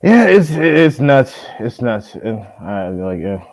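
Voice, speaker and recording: A man's voice: medium pitch, big pitch swings, takes it slowly, a little mellow, dry recording. A man hosting a casual chat, telling stories with profanity and frequent laughs. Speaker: podcast host.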